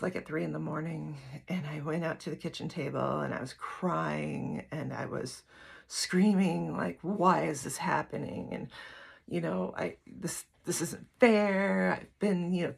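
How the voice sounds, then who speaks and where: A middle-aged woman, a spiritual teacher and YouTuber, talks candidly to camera for her channel's viewers, rambling with lots of fillers and asides. Her voice is fairly low, creaky, and slightly rough.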